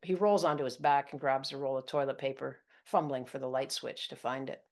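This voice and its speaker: A woman's voice: a bass voice, fairly even intonation, a little fast. A woman reading her own first-person story aloud. Her narration is intimate and confessional, blunt about what happened.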